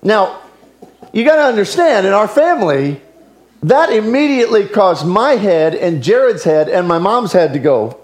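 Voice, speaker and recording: A male pastor preaching a sermon, telling stories in an animated way that swings between loud and hushed. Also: high-pitched, moderate pace.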